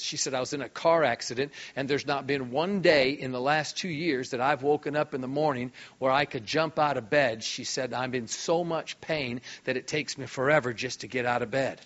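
A middle-aged man preaching in a church, telling healing stories with lively enthusiasm. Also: a little high, muffled recording. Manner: animated, enthusiastic storyteller. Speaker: guest preacher. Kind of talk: sermon storytelling. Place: church hall.

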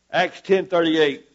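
A man's voice: fairly high pitch, lo-fi sound. A man preaching a sermon to a church congregation, fervent and emphatic, repeating his points for weight.

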